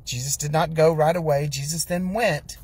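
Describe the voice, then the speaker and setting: A man's voice: on the high side, steady tone, normal speed, a little mellow, husky. A man preaching an earnest sermon from his parked truck, reading scripture aloud and repeating questions for emphasis. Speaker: pastor.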